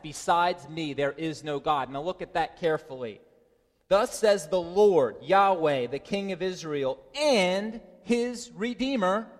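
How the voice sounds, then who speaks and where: A man preaching a sermon, reading verses and pressing his points with emphatic rises in pitch and volume. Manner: emphatic, rising high and loud to stress points. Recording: long hall reverb.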